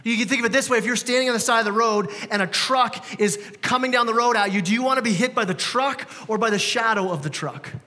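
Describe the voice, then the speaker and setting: Bright-voiced pastor preaching. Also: male voice, very high-pitched, fast, hardly any pauses. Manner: conversational, emphatic, repeats words. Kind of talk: sermon. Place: church. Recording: reverberant church hall.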